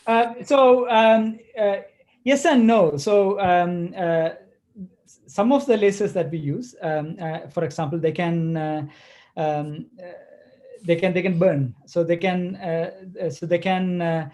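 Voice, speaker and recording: Halting, mellow-voiced man from Kerala. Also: sits high. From Kerala, India. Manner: halting, hesitant, full of restarts. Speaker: guest lecturer answering questions. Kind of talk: webinar Q&A.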